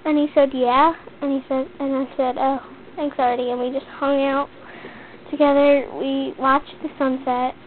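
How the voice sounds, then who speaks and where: Teen girl vlogger, high voice, rambling and chatty, tinny phone-like audio with a faint hiss. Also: flat delivery, normal speed. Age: teens. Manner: chatty, rambling, heavy use of "like". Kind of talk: casual rambling story.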